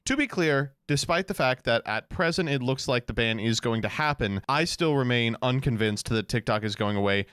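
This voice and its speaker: A man's voice: mid-range voice, lively intonation, moderate pace, hardly any pauses, a bit bright, clear, resonant tone, no room sound. A man co-hosting a podcast in a sardonic, casual way, cursing freely. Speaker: podcast co-host. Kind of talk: casual chat.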